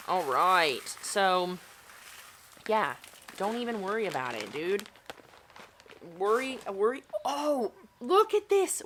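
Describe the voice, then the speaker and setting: A young woman with a low, deep-set voice chats casually to her camera as she works on a craft. She talks in an upbeat way and pokes fun at herself. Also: fairly bright tone, a little hiss or hum. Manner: chatty, self-mocking, upbeat. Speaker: vlogger. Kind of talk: casual chat while crafting.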